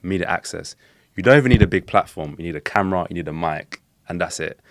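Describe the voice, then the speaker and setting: A young man, his voice sitting very low. He rattles through his stories at a quick clip, slangy and animated, and the recording is dry and close. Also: no echo. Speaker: podcast guest, street interviewer. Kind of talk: casual storytelling chat.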